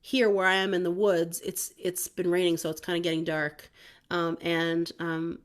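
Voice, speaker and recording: A woman musician talks softly and reflectively between songs, pausing often with ums. Her voice sits a little low for a woman. She speaks from outdoors in the woods. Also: little pitch movement, clean tone. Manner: soft, reflective, with many ums. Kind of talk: casual spoken introduction between songs.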